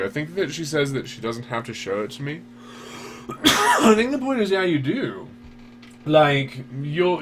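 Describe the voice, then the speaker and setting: Male speaker, higher-pitched, animated, profane, with a faint hum behind him. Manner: profane, explanatory. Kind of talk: casual chat.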